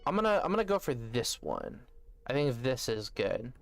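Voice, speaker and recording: A man's voice: mid-range voice, big pitch swings, moderate pace, soft background music. A man giving casual let's-play commentary, joking and thinking aloud as he plays. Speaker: gaming video host.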